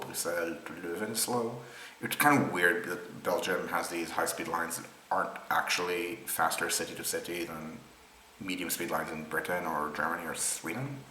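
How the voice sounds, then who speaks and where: A man from Israel presents rail maps in an unscripted screen-share explainer, thinking aloud with many ums and restarts. His low voice has a sharp tone, and the roomy, echoey recording has faint ambience plus a little hiss or hum.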